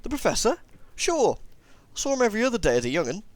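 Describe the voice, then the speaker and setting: A man's voice: fairly high pitch, sing-song, racing, no echo. A man voicing a chatty old male villager in a folksy rural comedy accent, raised well above his own voice. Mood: gossipy. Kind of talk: comedy voice in a game playthrough.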